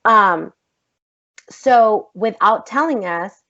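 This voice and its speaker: An American actress recounts an episode in a casual podcast chat, emphatic and blunt, with swearing thrown in. Her voice sits at a middling pitch. The recording is a little dull and lo-fi. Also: animated, extremely slow, pushed and bright. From United States. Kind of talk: casual storytelling interview. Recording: slightly dull lo-fi podcast audio.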